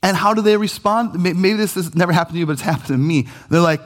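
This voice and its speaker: Brief: pastor, casual and lively, a touch high. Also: male voice, quick pace, few pauses. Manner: animated, conversational, jokey asides. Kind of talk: sermon.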